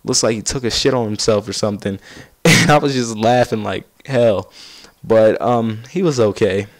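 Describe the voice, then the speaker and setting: A teenage boy doing casual gaming commentary, rambling through a story and getting loud and excited as he laughs at it. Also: lowish voice, moderate pace, no room sound, studio quality. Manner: rambling, gets loud and excited while laughing at his own stories. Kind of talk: casual storytelling over gameplay.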